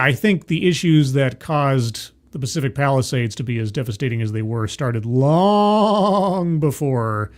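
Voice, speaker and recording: A man reading news articles aloud and breaking in with sarcastic, incredulous commentary, recorded indoors. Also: a little high. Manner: sarcastic, incredulous asides between quoted passages. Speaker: commentary host. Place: indoors, with trucks passing outside.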